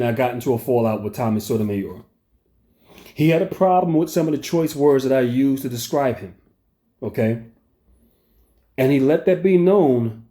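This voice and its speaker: A man hosting a commentary video, analyzing a played clip in a deliberate, blunt way with some profanity. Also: on the high side, mellow. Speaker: commentary channel host.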